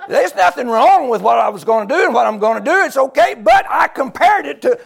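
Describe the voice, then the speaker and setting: A man in his seventies preaching a sermon, exclaiming loudly, laughing between phrases and dropping to a near whisper for emphasis. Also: very high-pitched, animated, quick pace, creaky, slightly rough. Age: 70s.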